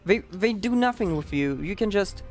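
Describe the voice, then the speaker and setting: A man's voice: sits high, lively intonation, moderate pace. A man with a Dutch accent giving chatty, upbeat live commentary on his own speedrun, explaining as he plays.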